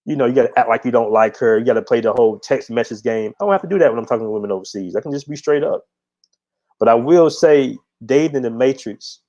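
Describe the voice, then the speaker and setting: A middle-aged man talks straight to his viewers in a loose, unpolished monologue, blunt and salty with his words. His voice sits at an ordinary middle pitch, and the audio is a bit dull and lo-fi. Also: darkish tone. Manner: blunt, profane storyteller, laid-back drawl. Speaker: channel host. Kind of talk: casual monologue to camera.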